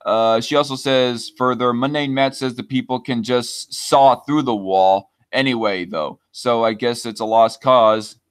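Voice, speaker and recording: A man's voice: mid-range voice, steady tone, a little slow, hardly any pauses, clear, resonant tone. A man hosting a casual podcast, reading chat comments aloud and talking in a hesitant way with many fillers and restarts.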